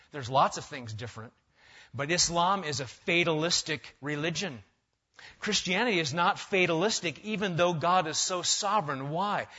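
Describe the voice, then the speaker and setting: Male pastor, slightly higher voice, emphatic sermon delivery, muffled recording. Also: breathy edge. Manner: emphatic, rising to loud stresses then dropping quiet. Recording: dull lo-fi sound.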